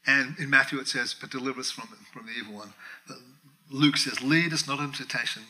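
Bright-voiced man preaching a lively sermon. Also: mid-range voice, fast, rough recording. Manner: animated storytelling, acts out dialogue, laughs often. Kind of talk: sermon with personal story. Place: church.

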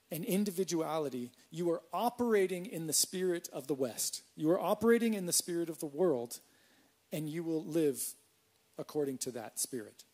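A middle-aged male pastor preaching in a church, telling personal stories in an animated way and acting out his own panic. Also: fairly high pitch, slightly rough.

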